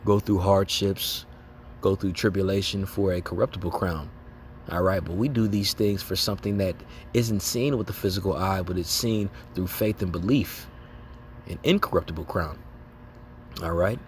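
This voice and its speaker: A man's voice: deep voice, slight background noise. A man giving an informal religious exhortation, talking casually in slang, tagging lines with "man" and "okay?" and laughing as he acts out reactions. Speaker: lay preacher.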